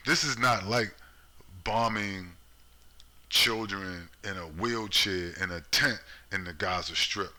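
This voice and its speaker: A man's voice: lowish voice, takes it slowly, long pauses, bright, forceful tone, poor audio. A man giving a profane, sarcastic vlog rant about politics, full of rhetorical questions. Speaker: political commentator. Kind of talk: ranting vlog commentary.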